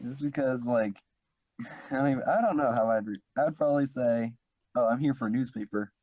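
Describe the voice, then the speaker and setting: A man's voice: mid-range voice, normal speed, a little mellow, no room sound, dull audio. A teenage boy hosting a casual podcast chat with friends, talking easily and laughing often. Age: teens. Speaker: podcast host.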